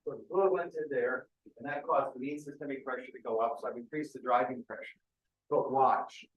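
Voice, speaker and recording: A man's voice: medium pitch, steady tone, fairly quick. Man lecturing in an echoey hall. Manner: engaging, checks in with the audience often. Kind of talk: keynote medical lecture.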